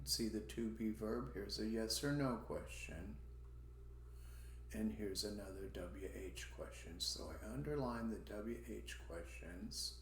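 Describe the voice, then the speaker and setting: A man's voice: lowish voice, pushed and bright, echoey room, slight background noise. A man teaching an English class, demonstrating question intonation by swooping his voice up and down. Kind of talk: online language lesson.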